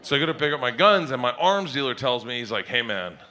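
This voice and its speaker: A man's voice: mid-range voice, quick pace, a little hiss or hum. A middle-aged man telling rowdy, laugh-filled stand-up stories. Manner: animated, rowdy, laughs often mid-story. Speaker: comedian. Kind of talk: stand-up storytelling.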